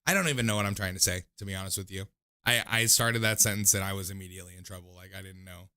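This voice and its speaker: A man's voice: low voice, racing, sharp tone, clear, resonant tone, no room sound, clean studio sound. A man hosting a call-in stream, talking casually in a loose, rambling, profane way. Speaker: call-in show host.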